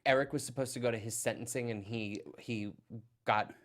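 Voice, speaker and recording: A man's voice: mid-range voice, steady tone, moderate pace. Chatty male soap podcast co-host. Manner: chatty, recaps scenes by acting out lines. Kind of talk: casual chat.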